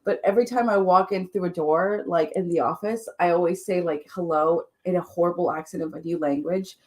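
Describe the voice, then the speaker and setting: A woman's voice: on the low side, a little fast. A young woman from Chile hosting a casual livestream writing sprint, bubbly and gushing, laughing often.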